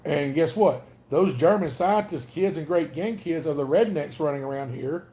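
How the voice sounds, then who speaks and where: A man's voice: on the high side, moderate pace, warm tone. A man with a Southern Alabama accent, rambling casually and greeting viewers by name on a livestream. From North Alabama. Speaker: livestream host.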